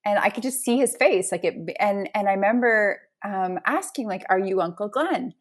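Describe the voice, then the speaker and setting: A woman's voice: mid-range voice, moderate pace. A woman in a casual spiritual chat, talking emphatically and building intensity as she tells her stories. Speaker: podcast guest.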